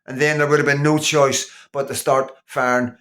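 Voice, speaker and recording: A man's voice: medium pitch, little pitch movement, normal speed, a bit bright. Indignant ranting man vlogger. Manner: indignant, sarcastic, repetitive. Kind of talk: ranting political monologue.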